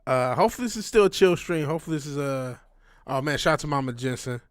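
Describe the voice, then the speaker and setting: A man's voice: a little high, expressive, quick pace, no echo, studio quality. A man in his thirties talking casually to a livestream audience, rambling and frank, swearing often and restarting his sentences. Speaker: livestream host.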